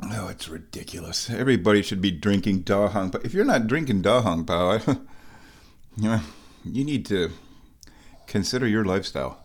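A man hosting a casual vlog, talking slowly and playfully, now and then slipping into high baby talk, a bit stuffy from sinus trouble. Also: lively intonation. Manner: slow, drawling and playful, with high baby talk to his cat. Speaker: vlog host.

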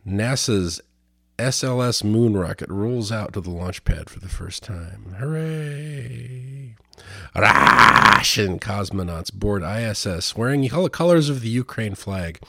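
A man's voice: on the low side, unhurried, creaky, sharp tone. A man hosting a show, reading news headlines aloud and giving casual, rambling commentary. He is sardonic and swears freely. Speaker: host.

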